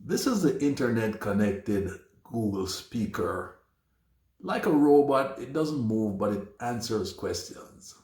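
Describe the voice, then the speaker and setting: A man presenting a religious science series in scripted narration, with a deliberate, emphatic delivery. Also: lowish voice, expressive, darkish tone, reverberant.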